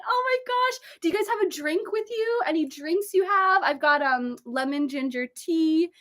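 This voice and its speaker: A young woman from San Diego hosting her first livestream at her desk, bubbly and gushing as she reads out viewers' greetings, then talking about writing and slow living. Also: expressive, a bit bright. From San Diego, USA. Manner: bubbly, gushing, often jumps up in pitch reading greetings. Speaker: author and video creator hosting a livestream. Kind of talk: casual livestream chat reading comments. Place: desk at home overlooking the ocean.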